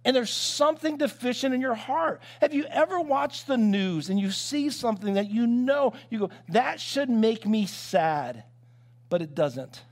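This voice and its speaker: A man's voice: very high-pitched, animated, moderate pace, few pauses. A male pastor preaching a sermon in church, telling stories with acted-out quotes and frequent restarts. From United States.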